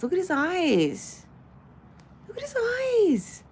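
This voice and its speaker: Chatty, gravelly woman streamer, coos and swears. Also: high-pitched, huge pitch swings, slow, pauses often, darkish tone, slight background noise. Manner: chatty, swears casually, coos at objects, drops into whispers. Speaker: livestream host. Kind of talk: casual livestream chat.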